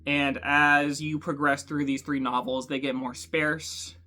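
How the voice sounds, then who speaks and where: A man hosting a book channel, talking thoughtfully to camera with frequent ums and pauses. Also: a little high, flat delivery, sharp tone. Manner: thoughtful, hesitant, many ums. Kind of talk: casual talk to camera.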